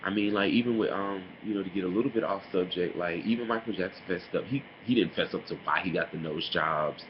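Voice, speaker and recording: A man in a casual opinion vlog, talking in a sassy, animated way and mocking others with put-on impressions. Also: deep voice, quick pace. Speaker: vlogger. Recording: dull lo-fi home recording with noise.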